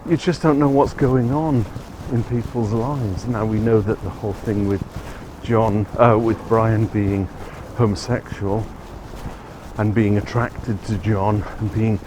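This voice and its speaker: Traffic hums in the background as a man leads a chatty, rambling walking tour through city streets, often correcting himself. His voice is lowish with fairly even intonation, and he keeps a measured pace.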